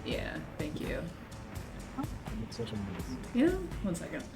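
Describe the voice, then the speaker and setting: Brisk woman running a tabletop game. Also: fairly low pitch, sing-song, gravelly, loud music behind the voice. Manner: brisk, encouraging, calls out turns. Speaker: game master.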